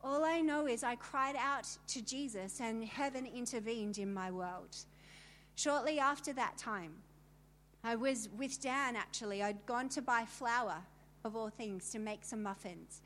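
High-voiced woman giving a vivid testimony. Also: unhurried, fairly bright tone, a little hiss or hum. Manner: vivid storytelling with emphatic asides to the audience. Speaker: speaker telling her story to a women's gathering. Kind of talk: personal testimony talk.

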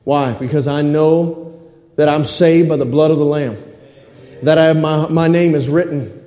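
Excitable high-voiced preacher man. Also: moderate pace. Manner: excitable, calls for amens from the congregation. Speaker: pastor. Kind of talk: sermon. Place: church sanctuary. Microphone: stage microphones. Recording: echoey church hall.

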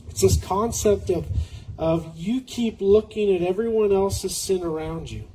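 Male preacher, high mellow voice, earnest sermon, slows for scripture, faint noise behind. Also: low-quality recording.

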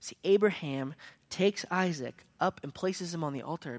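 A man preaching a sermon as a pastor, telling a story that swings between hushed lines and emphatic ones. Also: fairly high pitch, moderate pace.

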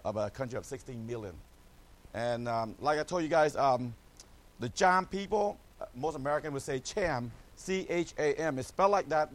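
Middle-aged man, missionary pastor, slightly high voice, joking with "amen?" asides. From Cambodia. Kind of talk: mission update to a church.

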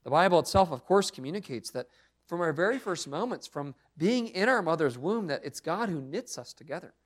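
A man's voice: a little high, expressive, a little fast. A young adult man preaching a sermon as pastor, speaking earnestly and expressively with strong emphasis.

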